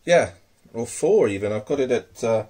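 A man chats loosely on a handheld camera mic at home, his delivery hesitant and dotted with ums. He drops to a soft murmur when he talks fondly to his pets. His voice sits at an ordinary middle pitch. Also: expressive, moderate pace, breathy edge. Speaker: tarantula keeper. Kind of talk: casual hobby video.

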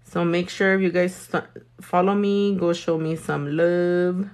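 A woman's voice: on the low side, flat delivery, unhurried, darkish tone. A woman doing nails while talking casually to a live audience, blunt and profane, full of slang. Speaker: nail artist.

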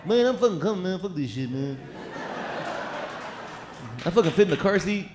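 A man called up on stage during a comedy set, talking loudly and crudely with a casual drawl. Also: high-pitched, expressive, normal speed. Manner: loud and swearing, with a casual drawl. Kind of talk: banter on stage. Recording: echoey club with background noise.

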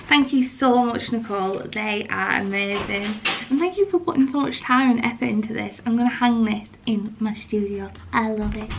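A young woman chatting in a casual vlog, gushing and excitable as she opens mail. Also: a little high, muffled recording, slight background noise. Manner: gushing, excitable, frequent gasps. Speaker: vlogger unboxing mail.

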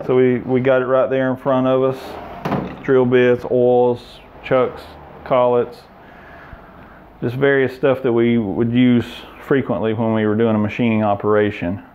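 A man giving a relaxed, plain-spoken tour of his indoor workshop, pointing out machines and tools. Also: mid-range voice, unhurried, narrow, tinny audio, a little hiss or hum. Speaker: shop owner giving a tour. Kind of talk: casual walkthrough tour.

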